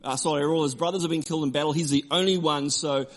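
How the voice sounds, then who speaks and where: A man preaching a sermon, emphatic and repetitive, shifting between forceful declarations and quieter storytelling. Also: on the high side, steady tone, fast talker. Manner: emphatic, repeats key phrases, drops to quiet storytelling. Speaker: pastor.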